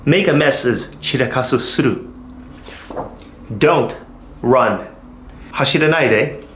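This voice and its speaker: A man teaching an English lesson, drilling short phrases slowly and deliberately. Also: medium pitch, expressive, fairly bright tone, very echoey, recorded from a distance, slight background noise. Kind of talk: classroom lesson demonstration.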